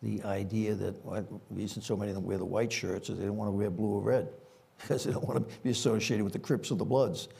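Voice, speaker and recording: A man's voice: lowish voice, fairly even intonation, fast, vocal fry, mellow, breathy edge. An older man with a Boston accent, a former police chief telling rambling anecdotes with frequent fillers at a conference panel.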